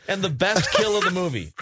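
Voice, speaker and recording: A man's voice: high voice, normal speed, husky, dry recording, studio quality. Chatty man recapping action scenes. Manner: animated storytelling, recaps scenes at length. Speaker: podcast co-host. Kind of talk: casual movie review chat.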